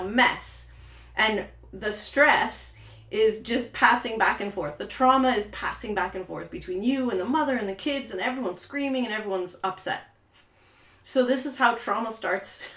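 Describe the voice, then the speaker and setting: A woman's voice: medium pitch, a bit bright. A woman trauma therapist talking through a coaching video in a loose, conversational way, full of "you know" fillers. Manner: conversational, many "you know" fillers, acts out quoted voices. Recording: roomy echo.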